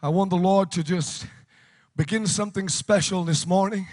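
A British man preaching a revival sermon, impassioned and shouting to a congregation in a large church hall. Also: high voice, fairly even intonation, normal speed. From United Kingdom. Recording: long reverb of a large hall.

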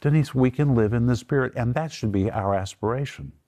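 A middle-aged man teaches the Bible on a Christian broadcast, speaking emphatically and lifting his voice whenever he quotes scripture. His pitch is medium, his tone warm, and his pace fairly quick.

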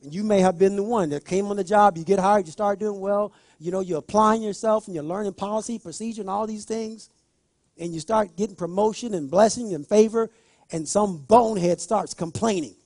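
A male preacher delivering a sermon, repeating phrases and rising into loud emphatic bursts as he speaks straight to the congregation. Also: high voice, fairly quick, dry recording, studio quality. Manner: talks directly to the congregation.

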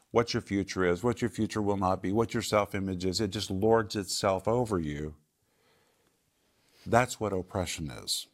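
Deep-voiced man teaching with calm confidence. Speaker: Bible teacher. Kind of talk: answering viewer questions on a talk show.

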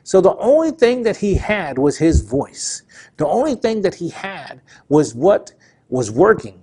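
Male pastor, fairly high-pitched, fervent sermon delivery with repeated phrases and swinging emphasis. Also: dark tone, husky. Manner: impassioned, repetitive preaching with rising and falling emphasis.

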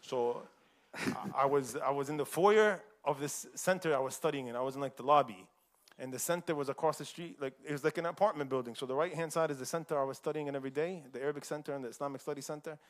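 Fast-talking man telling a story. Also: a little high. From United States. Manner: quick, chatty, laughs often. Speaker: speaker at a community forum. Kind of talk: casual storytelling talk.

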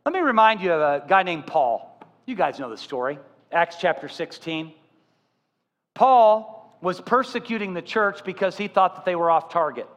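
A man preaching a sermon as pastor, telling stories with animated voices. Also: high voice, normal speed, long reverb tail, highs cut off. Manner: animated storytelling, acting out voices.

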